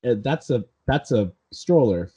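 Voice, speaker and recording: A man's voice: medium pitch, lively intonation, measured pace, a crowd in the background. A man with a Californian accent hosting a podcast, joking and rambling casually. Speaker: podcast host.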